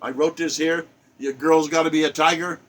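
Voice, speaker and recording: A man's voice: a little high, fairly even intonation, normal speed, a little hiss or hum. An older man delivering a preachy, exhortative spoken monologue, driving his points home by repeating them. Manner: exhortative, preacherly, repetitive emphatic phrasing. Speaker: self-published poet giving a monologue.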